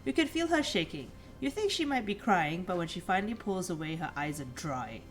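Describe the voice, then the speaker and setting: Woman, lowish voice, chatty stream co-host reading game narration. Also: very animated, a little fast, soft background music. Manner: chatty, reads narration in an easy, slightly tired way. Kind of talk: casual let's play, reading game text aloud.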